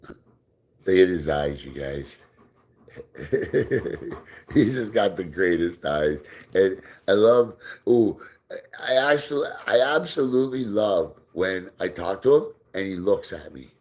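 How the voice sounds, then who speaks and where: A man hosting a casual live stream, reading out viewer comments, answering them, and talking softly to his dog while they play ball. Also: sits low, lively intonation, slow. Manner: reads out and answers viewer comments, often drops into soft baby talk for his dog. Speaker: livestream host.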